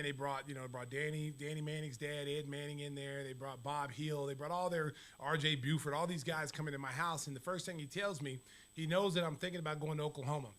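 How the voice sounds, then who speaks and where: A middle-aged man hosting a podcast, telling animated basketball stories and breaking into loud laughter. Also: fairly high pitch. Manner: animated, laughs and shouts when telling punchlines. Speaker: podcast host, former basketball player. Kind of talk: casual chat, storytelling.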